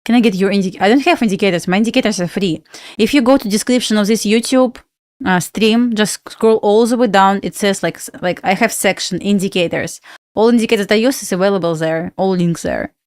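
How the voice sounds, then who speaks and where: A woman's voice: medium pitch, fairly quick, no room sound, clean studio sound. A woman from Belarus with a Belarusian accent, chatting casually on a live stream and answering viewers' questions. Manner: chatty, reads out viewer questions and answers them, laughs often. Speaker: livestream trading host.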